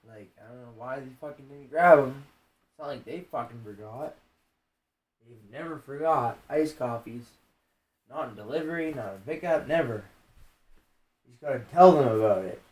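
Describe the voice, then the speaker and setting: A man's voice: mid-range voice, moderate pace, pauses often, a little mellow, far from the mic. A man on a gaming stream ranting angrily with constant swearing in his bedroom. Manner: angry, heavy swearing. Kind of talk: live stream rant. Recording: roomy echo.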